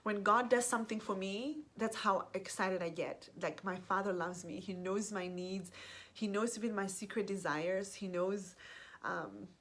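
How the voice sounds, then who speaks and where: A woman giving an effusive faith testimony to camera. She often restarts her sentences, reads scripture aloud more softly, and closes with blessings over her listeners. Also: mid-range voice, fairly even intonation, measured pace. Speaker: Christian speaker sharing her testimony.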